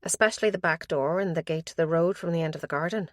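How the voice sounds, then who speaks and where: A woman's voice: on the low side, quick pace, dry recording, clean studio sound, lightly acted. A woman doing an earnest female detective. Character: earnest female police detective, careful and tactful.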